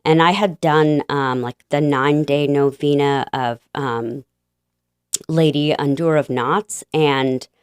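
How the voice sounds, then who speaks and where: A woman guest telling a personal faith story in an interview, halting and emotional, with many fillers and restarts. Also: sits low, steady tone, smooth, dry recording, clean studio sound.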